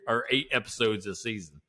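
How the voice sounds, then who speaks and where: A man's voice: on the low side, moderate pace, bright, forceful tone. A man co-hosting a casual business podcast, joking and laughing often as he talks. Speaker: podcast co-host.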